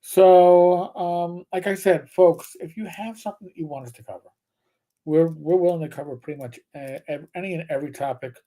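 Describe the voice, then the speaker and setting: Middle-aged male co-host, ex-cop from New York, warm low tone, loose halting storytelling. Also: fairly even intonation. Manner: rambling, halting, many restarts. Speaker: podcast co-host, retired police officer. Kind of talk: casual storytelling chat.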